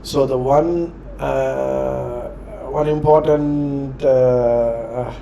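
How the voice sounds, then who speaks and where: A man hosting a reaction video in casual commentary, often pausing to search for words. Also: medium pitch, steady tone, creaky, dark tone, highs cut off, slight background noise.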